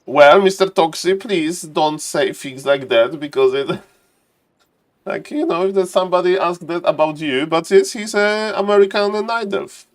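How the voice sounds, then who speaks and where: A man's voice: sits high, measured pace. Chatty streamer man greeting viewers. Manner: chatty, laughs often, greets viewers by name. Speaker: streamer and game caster. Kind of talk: casual livestream chat to viewers.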